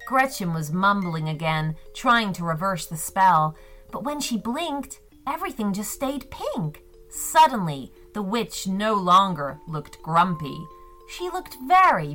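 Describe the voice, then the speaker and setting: Woman storyteller, slow and bright, swoopy, soft music under. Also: lowish voice. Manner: gentle, expressive reading. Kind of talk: scripted children's story narration.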